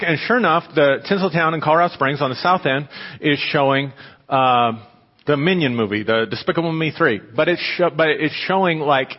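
Pastor telling a story in a reverberant hall. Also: male voice, a little high. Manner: storytelling, conversational with repeated restarts. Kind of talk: sermon. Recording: dull lo-fi audio with long hall reverb.

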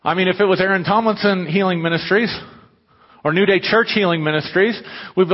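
A high-pitched man, talking a little fast, preaches to his congregation like he's having a conversation, with sudden emphatic rises in volume. He's a pastor, and the recording is muffled and dull, echoing through a long hall reverb.

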